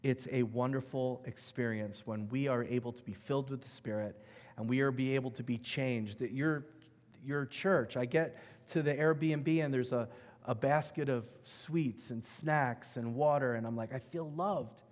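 A middle-aged man preaching a sermon, telling a personal story with animated emphasis and swinging between loud and hushed delivery. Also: mid-range voice, moderate pace. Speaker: pastor. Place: church sanctuary. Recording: reverberant church hall.

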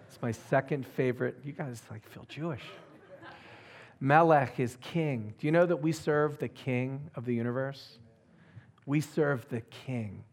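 A man preaching a sermon as pastor, emphatic and often asking the audience questions. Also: mid-range voice.

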